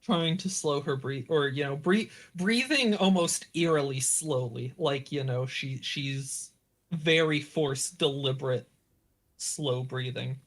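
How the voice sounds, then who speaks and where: A man's voice: medium pitch, takes it slowly, fairly bright tone. A man playing a tabletop role-playing game, describing his character's actions in a loose, rambling way full of "like" and "you know". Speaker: player. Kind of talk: casual tabletop play.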